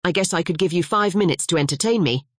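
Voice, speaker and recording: Narrator puts on a male Swiss-Italian professor, jokey, easygoing, pitched up. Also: quick pace, no room sound, clean studio sound, natural voice. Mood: casual.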